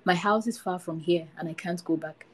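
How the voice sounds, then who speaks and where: A woman's voice: lowish voice, normal speed, close to an everyday voice. A woman voicing a naive, polite orphan boy who pleads in a folktale reading.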